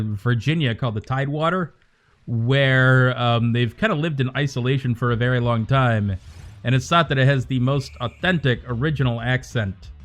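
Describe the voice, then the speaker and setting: A man chatting casually on a livestream, rambling, swearing freely and joking as he rants to his viewers. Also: medium pitch.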